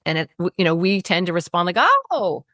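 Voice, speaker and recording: A woman with a slightly low voice tells a parenting story as an interview guest. She talks in an animated way and acts out quotes. The sound is dry and close to the mic. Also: quick pace, no echo.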